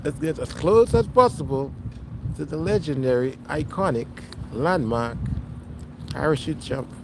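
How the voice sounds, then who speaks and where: Brief: high-pitched male street streamer, hyped and repetitive, on a phone mic outdoors with loud wind. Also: animated, a little slow, creaky. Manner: hyped, repeats phrases over and over, chants "Brooklyn". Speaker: street livestreamer. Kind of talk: live walking stream commentary. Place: outdoors on a seaside boardwalk.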